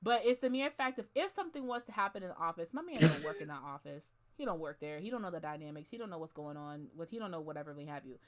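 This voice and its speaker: A woman's voice: low voice, quick pace, few pauses. A woman co-hosting a podcast, chatting animatedly and trailing off with casual asides. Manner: animated storytelling, trails off with "whatever". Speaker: podcast co-host. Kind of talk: casual chat.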